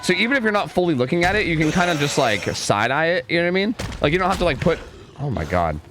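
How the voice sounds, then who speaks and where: Young dude streaming, talks a bit high, lots of "like", cusses a bunch. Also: male voice, sing-song, fast. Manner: rambling, lots of filler "like", swears when frustrated. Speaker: game streamer. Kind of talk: casual live gameplay commentary. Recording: clear background noise under the voice.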